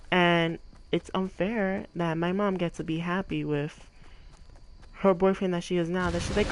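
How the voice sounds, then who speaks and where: A woman's voice: fairly low pitch, noisy background. A young woman gaming vlogger venting casually while she plays, talking emotionally and rambling with lots of "like" fillers.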